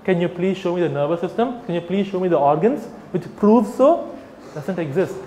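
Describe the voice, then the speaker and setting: Man, higher voice, lively mocking talk to a crowd, echoey hall, faint room noise. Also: moderate pace. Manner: animated, mocking, acts out scenes with quoted voices. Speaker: vegan activist speaking to an audience. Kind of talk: live public talk to a crowd.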